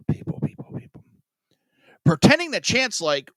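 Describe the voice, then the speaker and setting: Man, podcast host, sarcastic, profane, very animated delivery, dry sound. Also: very high voice, measured pace, pauses often, no room sound. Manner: sarcastic, profane, self-mocking; animated, sighing, swings loud and soft. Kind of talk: political commentary podcast.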